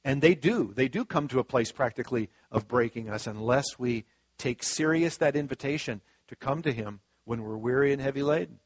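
A male preacher giving a sermon in a folksy, conversational way, swinging between soft asides and loud emphatic stretches. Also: mid-range voice, a little fast, breathy edge, dry recording. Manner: folksy and conversational, acting out quoted voices. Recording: dull, dry lo-fi sound.

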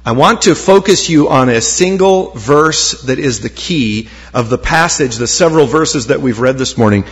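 A man's voice: medium pitch, lively intonation, normal speed, breathy edge. A man preaching a sermon as pastor, reading scripture aloud in a church and lifting key phrases for emphasis. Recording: long hall reverb.

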